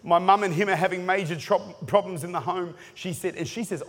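A man preaching a sermon, telling stories with jokes and sudden shouts. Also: sits high, brisk, few pauses. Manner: animated, joking storytelling with bursts of shouting. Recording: hall reverb.

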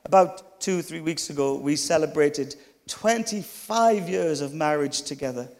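A man's voice: fairly high pitch, measured pace, darkish tone. A middle-aged man preaching a storytelling sermon, with chatty, humorous asides to the congregation. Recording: long hall reverb.

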